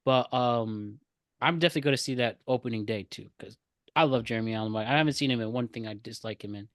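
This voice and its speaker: A man's voice: medium pitch, fast talker, dry recording, clean studio sound. A man co-hosting a podcast in casual chat, enthusiastic and gushing, with casual swearing. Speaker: podcast co-host.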